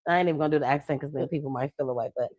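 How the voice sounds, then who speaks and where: A woman who is a love coach and podcast host, chatting casually, telling lively stories and acting out the people she quotes, with slangy talk. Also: extremely low pitch, rapid-fire, no room sound, lo-fi sound. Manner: animated storytelling, acts out quoted people; slangy, conversational.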